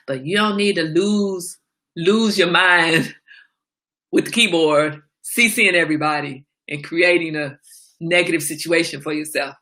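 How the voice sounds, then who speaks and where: Bright-voiced woman hosting a casual chat stream. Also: lowish voice, normal speed. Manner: animated storytelling with frequent laughter; candid, confiding. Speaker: livestream host.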